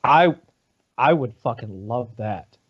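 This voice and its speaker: A man's voice: mid-range voice, animated, takes it slowly, slightly rough, highs cut off. A man hosting a podcast, joking and swearing casually in loose chat. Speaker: podcast host.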